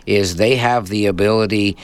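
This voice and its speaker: A man's voice: fairly low pitch, fairly even intonation, normal speed, smooth, dry recording. A man hosting a radio tech show, explaining things in a casual, chatty way. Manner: chatty, explaining, repeats words when searching. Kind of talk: casual on-air chat.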